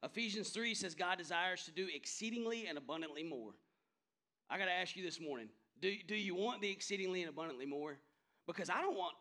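A man's voice: a little high, pushed and bright. A man in his thirties, a pastor, preaching a sermon with impassioned emphasis that builds to strong peaks. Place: church sanctuary.

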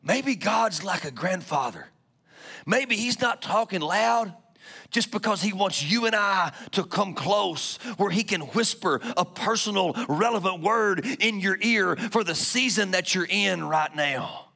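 A man preaching a Pentecostal sermon, calling out to the congregation and swinging from loud shouts to hushed whispers. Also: sits high, expressive, measured pace, vocal fry, slightly rough. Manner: calls out to congregation. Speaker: pastor.

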